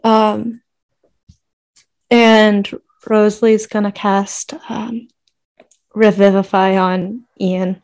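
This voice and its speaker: A woman player in a tabletop game who speaks slowly and evenly, with little rise and fall. She hesitates and thinks aloud as she explains her move. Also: mid-range voice, little pitch movement, darkish tone, rough recording. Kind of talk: casual game talk.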